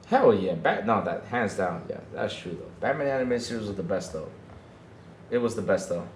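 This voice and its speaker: A man hosting a casual livestream podcast, talking excitedly to his chat and repeating himself often. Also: fairly low pitch, moderate pace, roomy sound, slight background noise. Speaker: podcast host streaming to chat.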